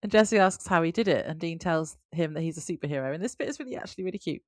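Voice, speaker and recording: Brief: woman podcast co-host, somewhat low voice, casual giggly recap talk. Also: lively intonation, racing, dry recording, clean studio sound. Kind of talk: casual episode recap chat.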